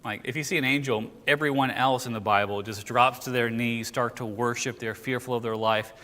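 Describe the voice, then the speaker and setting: Bright-voiced man teaching Bible class. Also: mid-range voice, fairly even intonation, brisk, long reverb tail. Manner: conversational, joking, quizzes the class. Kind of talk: casual teaching and scripture reading. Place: church classroom.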